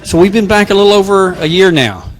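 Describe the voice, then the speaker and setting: A male pastor with a high voice speaks fast while giving a sermon. He's a joking, self-deprecating storyteller, filling his talk with jokes and personal stories.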